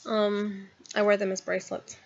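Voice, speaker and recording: A woman's voice: mid-range voice, completely flat delivery, moderate pace, gravelly, lo-fi sound. A woman in her thirties chatting casually to her camera at home, rambling with lots of ums and trailing asides. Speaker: vlogger. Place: at home, in a house.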